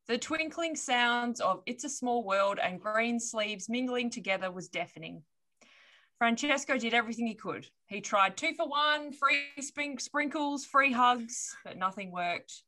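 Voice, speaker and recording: A woman's voice: a little high, lively intonation, measured pace, sharp tone. A woman co-hosting a casual podcast, telling a story with wry asides and frequent laughter.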